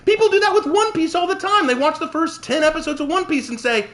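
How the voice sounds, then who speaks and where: A man's voice: extremely high pitch, expressive, quick pace, hardly any pauses, fairly bright tone. A man streaming a game and ranting to his chat in a heated, indignant way, answering viewers by name. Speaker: streamer and writer. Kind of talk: live-stream rant to chat while gaming.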